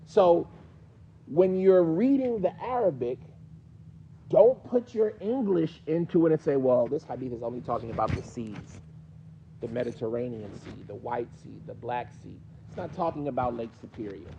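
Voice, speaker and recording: A man's voice: medium pitch, lively intonation, moderate pace, vocal fry, highs cut off, background noise. A man with a New York accent teaching a mosque class, questioning his students in a conversational way. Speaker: teacher explaining hadith.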